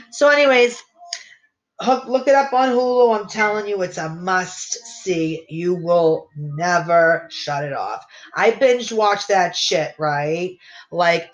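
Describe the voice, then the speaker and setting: A woman's voice: on the low side, takes it slowly, poor audio. A woman in her thirties hosting a podcast, ranting to listeners in a fiery, profane, rambling way with many restarts. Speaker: podcast host. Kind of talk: casual profane rant to listeners.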